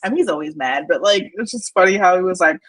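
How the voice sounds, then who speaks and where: A woman's voice: fairly low pitch, lively intonation, fast talker, a bit bright, poor audio. A woman hosting casual commentary over a shared screen, mocking, swearing and laughing often. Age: adult with a young daughter. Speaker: commentary channel host.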